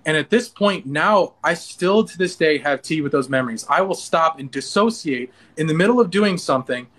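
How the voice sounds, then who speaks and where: A man speaking as an interview guest in casual talk, earnest and animated, acting out his own inner dialogue with frequent restarts. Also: a little high, moderate pace.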